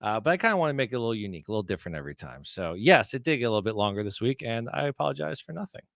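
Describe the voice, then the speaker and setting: A man's voice: mid-range voice, sing-song, very fast, vocal fry, fairly bright tone, no echo, studio quality. A man co-hosting a sports podcast in a casual chat, with a wry, sarcastic, cheeky manner. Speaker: podcast co-host.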